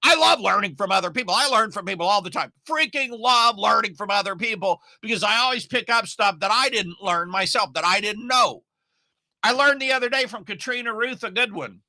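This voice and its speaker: Loud, folksy middle-aged man from Oklahoma. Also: high voice, animated, a little fast, dry recording. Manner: folksy, emphatic, loud bursts. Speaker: online marketing coach. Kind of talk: motivational talk to camera.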